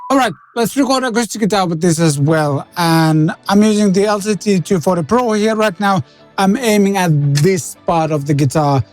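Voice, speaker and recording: A man's voice: high-pitched, normal speed, faint music behind. A man reviewing microphones in a casual demo, with a playful, rambling, self-mocking manner, speaking into a studio condenser mic. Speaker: gear reviewer. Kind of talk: casual product demo chat.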